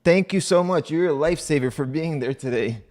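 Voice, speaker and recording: A man's voice: fairly high pitch, a little fast, a little mellow. A man hosting a casual livestream, chatting to viewers in a rambling way and laughing often. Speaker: livestream host.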